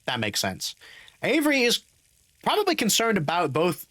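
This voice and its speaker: A man's voice: high-pitched, wildly swooping pitch, normal speed, fairly bright tone. A young man streaming a game, rambling animatedly and laughing often between reading parts aloud. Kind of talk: game playthrough commentary.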